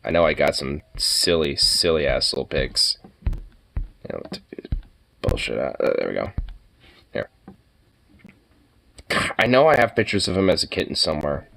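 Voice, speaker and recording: A man streaming casually, reacting to cat pictures with excitable gushing and casual swearing. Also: rumbling low, normal speed, vocal fry, pauses often, slight background noise. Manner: excitable, gushing over cats, casually profane.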